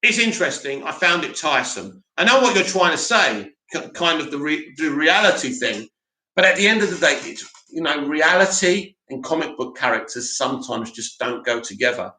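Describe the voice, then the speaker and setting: A man hosts a live stream and fires off blunt, opinionated takes in reply to his chat. His voice sits a little high and sounds sharp and forward, and the room around him is echoey. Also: animated, moderate pace.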